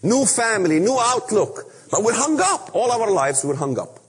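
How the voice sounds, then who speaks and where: Man preaching, husky voice, high and lively pitch, echoey hall. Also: normal speed. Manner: emphatic, repetitive, animated. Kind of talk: impassioned sermon.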